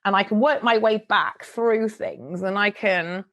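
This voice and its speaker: Middle-aged woman, podcast guest, lively storyteller, close dry recording. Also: mid-range voice, a little slow, no room sound. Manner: animated, chatty storytelling with frequent laughs. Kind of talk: casual interview chat.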